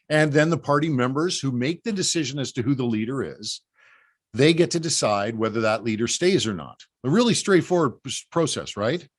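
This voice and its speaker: A man from Canada giving a rallying political briefing, emphatic and repetitive, urging listeners to act. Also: medium pitch. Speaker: political organizer.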